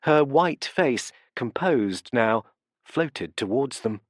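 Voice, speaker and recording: A man narrating a classic mystery novel in a measured, expressive way. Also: mid-range voice, dry recording, clean studio sound. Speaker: audiobook narrator. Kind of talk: scripted narration.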